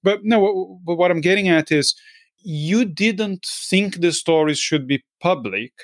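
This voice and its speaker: A man's voice: high-pitched, animated, unhurried, no echo. Chatty podcast host man, dry sound. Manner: chatty, joking asides. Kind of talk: casual interview.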